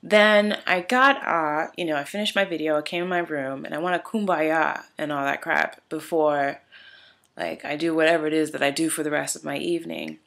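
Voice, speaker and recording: A woman's voice: sits low, moderate pace, gravelly, a bit bright. A young woman telling a story in a candid home vlog, emotional and teary, rambling with many fillers. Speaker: vlogger. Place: at home in her room.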